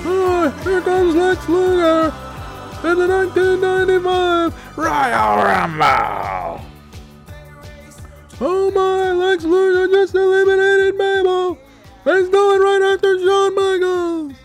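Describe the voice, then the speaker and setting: A shrill hyped-up wrestling announcer. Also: male voice, slow pace, vocal fry, soft background music, heavily acted. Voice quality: strained high falsetto, breathless hype. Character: man doing a wrestling commentator impression. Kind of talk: sports play-by-play parody.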